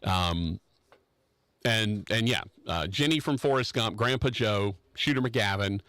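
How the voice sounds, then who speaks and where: A man's voice: fairly low pitch, a little slow, pushed and bright, dry recording. A man hosting a radio talk show from the studio, riffing on a topic in a rambling, joking, opinionated way with plenty of restarts. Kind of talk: casual opinionated radio chat.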